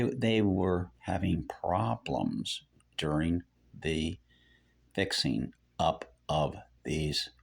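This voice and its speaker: A man's voice: lowish voice, gravelly. An older man giving rambling religious teaching. He repeats phrases and keeps correcting himself.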